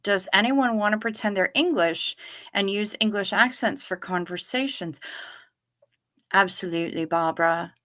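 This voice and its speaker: A woman's voice: medium pitch, moderate pace, sharp tone. A woman hosting a livestream, chatting casually and answering viewer comments. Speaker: livestream host.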